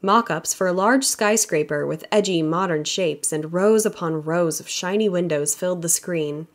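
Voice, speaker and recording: Reading an audiobook at a moderate pace, a woman with a somewhat lower-than-typical female voice tells the story in a plain, scripted way that stays steady and even.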